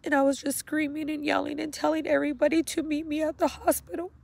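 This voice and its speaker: A middle-aged woman slowly and haltingly retelling a painful memory, speaking outdoors. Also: sits high, level tone, creaky, a little mellow. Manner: slow, halting, emotional retelling. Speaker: grieving mother. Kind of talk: personal storytelling vlog. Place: outdoors at a cemetery.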